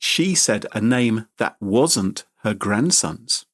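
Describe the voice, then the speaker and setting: Animated man telling a story. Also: on the low side, slow pace. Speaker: podcast host. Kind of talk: casual chat.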